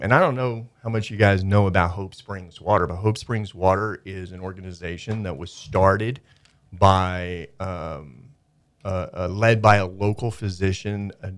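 Chatty man with a low voice. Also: clean tone, dry recording. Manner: enthusiastic, rambling, many fillers. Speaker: studio guest, media company owner. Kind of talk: casual radio chat. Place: radio studio.

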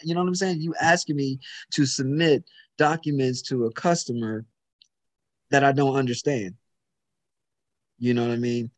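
A man's voice: medium pitch, fairly quick. A man in a casual chat, talking emphatically and telling a story about work. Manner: emphatic, storytelling, frequent "you know what I'm saying".

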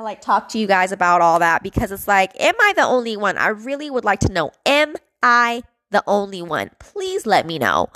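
A young woman pours out her frustration in a personal podcast monologue, her voice pitched a little high and swinging widely as she vents. She curses and circles back on herself, sounding close to tears. The recording is dry and close. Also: fairly bright tone, no echo. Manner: venting, frustrated, repetitive fillers and swearing. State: emotional, near tears. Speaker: podcast host.

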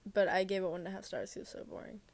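A woman chats about films alone in her bedroom, lying down as she talks. Her voice has a gravelly, creaky edge, and her thoughts wander through fillers and restarts. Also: mid-range voice, flat delivery, racing, darkish tone. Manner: rambling, full of fillers and restarts. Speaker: movie reviewer. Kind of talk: rambling casual chat.

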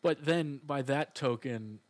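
A man co-hosts a relaxed podcast conversation. He speaks in a dry, measured way with a faintly skeptical edge. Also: mid-range voice. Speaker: podcast co-host. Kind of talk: casual chat.

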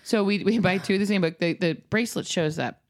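A woman in her thirties telling a story in casual chat, animated and quick to laugh. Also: mid-range voice, background noise. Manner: animated, acts out the kids' voices, laughs often.

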